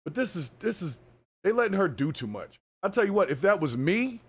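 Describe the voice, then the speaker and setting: A man's voice: high voice, sing-song, fairly quick, slightly rough. A man hosting a reaction video, talking through the clip in a casual, sarcastic and scolding way. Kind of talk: casual commentary.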